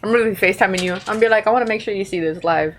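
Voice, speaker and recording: A woman's voice: mid-range voice, racing, slight background noise. A woman co-hosting a casual podcast, brash and joking, swearing freely. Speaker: podcast co-host. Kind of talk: casual chat.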